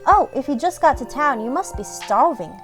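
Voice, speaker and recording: A woman's voice: sits high, lively intonation, normal speed, soft background music. A woman voicing Stella, a chatty, teasing young woman from a small town in a story game, in a bubbly, playful, slightly dramatic manner.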